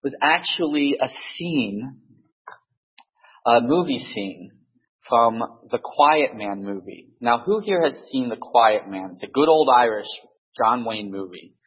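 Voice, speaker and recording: Man, casual storyteller in a group discussion; husky voice, full of restarts and fillers. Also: mid-range voice, animated, lo-fi sound. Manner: halting, many restarts and fillers.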